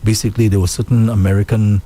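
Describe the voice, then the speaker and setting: A Caribbean man hosting a political talk show, animated and prone to repeating himself and mimicking the people he quotes. His voice sits low and mellow with a husky edge. A faint hum of noise runs underneath. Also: fast talker. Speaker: radio show host.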